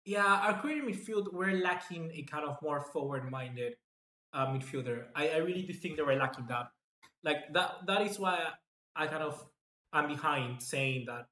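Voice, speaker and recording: A fairly high-voiced man talks through a football match live, chatty and easily excited, bursting out at near misses. He reads out viewer comments between plays. His voice rings in an echoey room. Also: normal speed. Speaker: football fan channel host.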